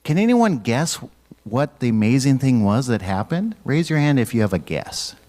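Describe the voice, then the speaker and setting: A man leading a church children's message, gently asking the kids questions and waiting for their answers. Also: mid-range voice, sing-song, normal speed. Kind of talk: children's sermon.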